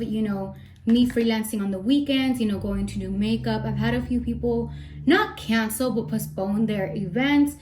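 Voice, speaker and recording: Rambling playfully and a little out of breath, a young makeup vlogger chats casually as she gets ready. Her voice sits on the high side and is slightly mellow, with some background noise.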